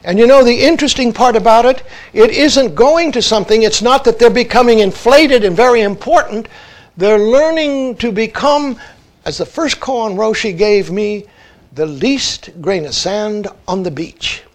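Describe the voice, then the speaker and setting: A man giving a reflective Zen dharma talk, often saying "see" and dropping to hushed tones. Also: sits high, moderate pace. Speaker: Zen teacher.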